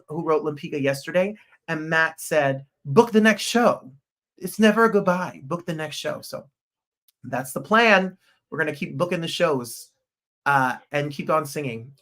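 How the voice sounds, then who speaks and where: A man hosting a podcast in casual, excitable, rambling livestream chat. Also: a little high. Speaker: podcast host.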